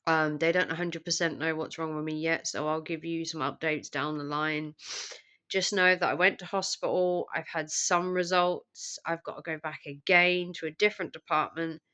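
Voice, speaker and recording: A woman's voice: sits low, steady tone, normal speed, pushed and bright. A young woman vlogger with the flu, her voice worn by illness, talking in a tired, drained, rambling way with many ums. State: sick with flu, voice affected. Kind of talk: casual catch-up vlog.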